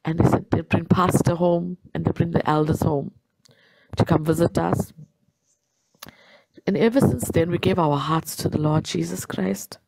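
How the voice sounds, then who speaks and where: A woman's voice: deep voice, fairly even intonation, normal speed, vocal fry, darkish tone, breathy edge, no room sound, low-quality recording. A woman telling her personal faith testimony in an earnest way, repeating herself for emphasis. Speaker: guest sharing a testimony.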